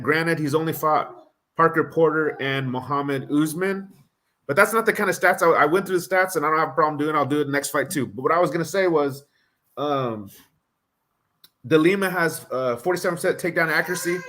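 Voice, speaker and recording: A man's voice: fairly high pitch, bright, forceful tone. A man co-hosting a fight prediction stream, casually reading out fighter statistics and weighing his pick. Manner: analytical, rattles off fight stats. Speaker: co-host of a fight prediction show. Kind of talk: casual live-stream chat.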